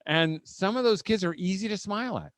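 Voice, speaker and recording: A middle-aged conference speaker from Indiana, USA, gives a funny parenting talk to a live audience, spinning folksy anecdotes, chuckling often and acting out family moments. His voice is high and a little fast, recorded with no room sound.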